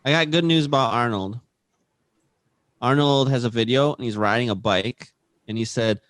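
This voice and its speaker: A man's voice: mid-range voice, moderate pace, long pauses, fairly bright tone, dry recording, studio quality. A man co-hosting a casual comedy podcast, running segments in an upbeat way. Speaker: podcast co-host.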